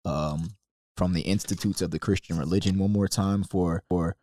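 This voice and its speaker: A young adult man co-hosting a faith podcast, animated and preachy, calling his partner "bro" again and again. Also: deep voice, moderate pace, no room sound, studio quality. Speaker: podcast co-host. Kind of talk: passionate faith discussion.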